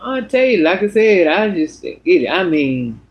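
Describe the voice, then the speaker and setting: A woman's voice: fairly low pitch, sing-song, measured pace. Blunt, profane woman telling a story. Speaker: vlogger. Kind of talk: casual storytelling monologue.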